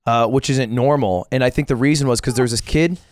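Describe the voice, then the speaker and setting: A man's voice: mid-range voice, fast, dry recording. A man from New Hampshire telling a story in a casual podcast chat, wry and dry.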